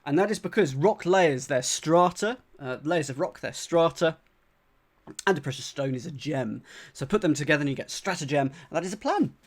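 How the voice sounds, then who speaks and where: A man's voice: a little high, lively intonation, moderate pace. British man thinking aloud over crossword clues. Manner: thinks aloud, repeats clues, many fillers and restarts. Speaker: streamer solving crosswords live. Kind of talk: casual live-stream commentary.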